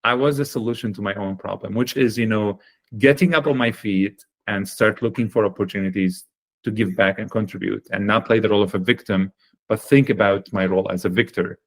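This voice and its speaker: Speaking a little fast, a man with a fairly low voice shares his story on a podcast as a guest, a chocolate company founder. He's earnest and animated, relying on fillers as he collects his thoughts.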